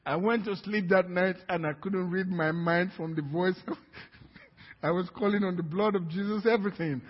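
A man preaching a sermon as pastor, telling a story with laughter and rising to shouts. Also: high-pitched, moderate pace, slightly rough. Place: church hall. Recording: dull lo-fi recording in a reverberant church hall.

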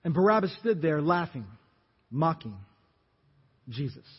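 A man preaching a sermon as pastor, telling the story dramatically and acting out the crowd's shouts. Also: a little high, sing-song, a little slow, slightly rough. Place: church sanctuary. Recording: dull reverberant church recording.

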